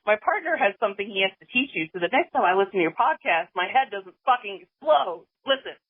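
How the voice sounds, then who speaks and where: A woman's voice: mid-range voice, lively intonation, quick pace. Chatty woman on a tinny voicemail. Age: late 30s. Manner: chatty, profane, laughing. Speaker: voicemail caller. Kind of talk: rambling voicemail messages. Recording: tinny phone line.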